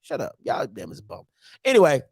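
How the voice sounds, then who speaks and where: A man's voice: a little high, huge pitch swings, moderate pace, a little mellow, husky, dry recording, studio quality. A man hosting a casual football recap, ranting and talking straight to his viewers. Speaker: sports show host.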